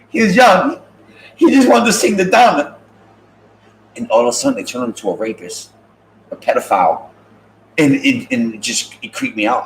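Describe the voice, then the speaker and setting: A man's voice: lowish voice, echoey room, slight background noise, poor audio. A man telling funny stories in a casual talk show, joking and acting out the voices of people he quotes. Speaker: podcast host. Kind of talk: casual comedic storytelling.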